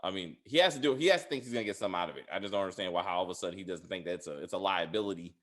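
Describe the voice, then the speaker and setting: A man talks casually as a podcast host, his pitch swinging up and down in a lively way. He rambles, stumbles over his words and fills gaps with lots of ums and uhs. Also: rapid-fire. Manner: rambling, many fillers and restarts; laughs loudly and high. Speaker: podcast host reviewing a TV series. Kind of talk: casual chat.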